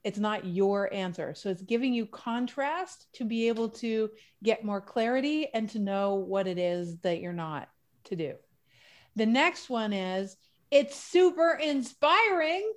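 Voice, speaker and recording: A woman guest in a casual interview, talking in an animated, chatty way with playful analogies. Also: on the high side, unhurried.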